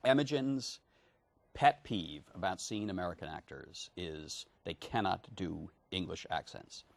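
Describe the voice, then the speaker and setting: A man's voice: low-pitched, a little slow, gravelly. A man hosting a talk show interview, asking eager questions with stumbling restarts. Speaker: interviewer host.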